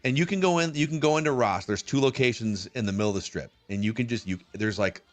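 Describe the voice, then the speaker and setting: A man's voice: medium pitch, quick pace, soft background music. A man hosting a sports podcast, reading listener mail aloud and chatting casually, often laughing as he reads. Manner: animated, laughs while reading. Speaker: podcast host.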